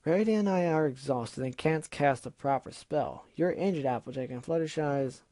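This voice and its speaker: An earnest, bookish young unicorn mare , voiced by a man, in a raised, mellow tone. She sounds urgent and worried, and she insists on her point. The recording is dry and close. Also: fairly high pitch, normal speed, no echo, natural voice.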